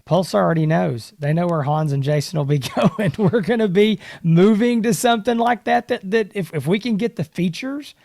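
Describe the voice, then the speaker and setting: A man's voice: sits high, normal speed, creaky, hardly any pauses, darkish tone, dry recording, studio quality. A man co-hosting a podcast in casual chat, telling stories animatedly and laughing often. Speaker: podcast co-host.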